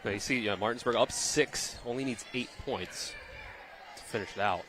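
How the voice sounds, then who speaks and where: A man giving relaxed, thoughtful color commentary on a volleyball match. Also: mid-range voice, normal speed, background noise. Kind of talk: sports analysis.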